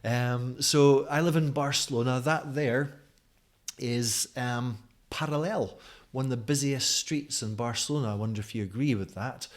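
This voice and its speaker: Here a teacher trainer from Scotland, a man in his forties with a mild accent, delivers a conference talk as a recorded video from home at night. He speaks at a moderate pace and middle pitch into the camera in front of him, friendly and chatty, full of fillers.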